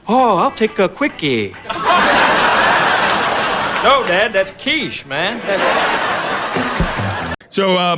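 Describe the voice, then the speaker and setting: A man's voice: a little high, sharp tone. Man doing stand-up. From Tennessee, USA. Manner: casual, joking storyteller addressing the crowd. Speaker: stand-up comedian. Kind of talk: stand-up comedy set. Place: comedy theater stage.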